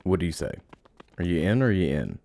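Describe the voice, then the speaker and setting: Deep gravelly man playing a game. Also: big pitch swings, fast. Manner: playful, coos and baby-talks at game creatures; drifts into hushed, musing narration. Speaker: game streamer. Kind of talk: let's play commentary.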